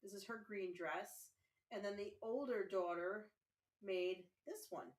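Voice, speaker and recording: A woman hosting a casual gaming livestream, chatting warmly with her viewers and sounding tired and yawning. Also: mid-range voice, a little slow.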